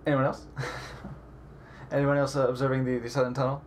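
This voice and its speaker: Male GM for a live tabletop stream, easygoing and jokey, mid-pitched, slight room noise. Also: little pitch movement, normal speed. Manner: laid-back, jokey, describes scenes. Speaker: game master. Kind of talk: running a tabletop game. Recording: faint background noise.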